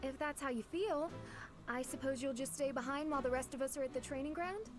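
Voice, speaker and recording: A woman's voice: sits high, fairly quick, over music, lightly acted. A woman voicing a blunt, no-nonsense young knight in a video game, speaking dryly. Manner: dry and blunt.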